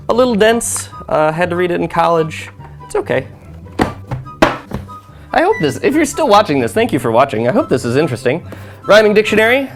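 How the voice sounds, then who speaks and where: Young adult home vlogger, chatty and rambling, lively swooping delivery, faint music under it. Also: medium pitch. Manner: rambling, animated, chatty asides. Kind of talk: casual chat. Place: home, beside a bookcase.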